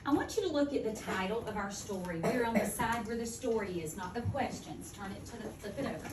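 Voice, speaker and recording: A woman teaching a second-grade phonics lesson, speaking clearly and deliberately. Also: mid-range voice, animated. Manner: clear, deliberate teacher talk, slowing to model words. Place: classroom. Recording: echoey classroom from far off, noisy.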